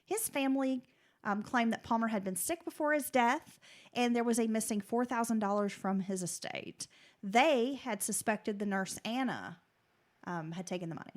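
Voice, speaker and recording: A woman co-hosts a true crime podcast, reading her script at a steady clip. Now and then she slips into a casual, conversational aside. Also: a little high, normal speed. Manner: steady reading, breaks into chatty comments. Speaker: podcast co-host.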